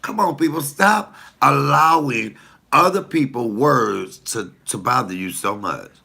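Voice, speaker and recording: A man's voice: mid-range voice, measured pace, gravelly, sharp tone, slightly rough. A comedian talking casually to the camera, blunt, profane and preachy as he tells stories and gives advice.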